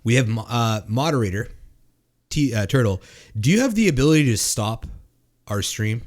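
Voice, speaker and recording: A man's voice: mid-range voice, expressive. Rambling, foul-mouthed man co-hosting. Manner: rambling, profane, halting with fillers. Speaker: podcast co-host. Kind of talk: casual drinking-show chat.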